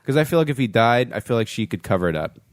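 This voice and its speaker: A man's voice: mid-range voice, sing-song, quick pace, no echo. Man, comedy podcast co-host, crude rambling banter, bone-dry close sound. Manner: loose, rambling, swears freely.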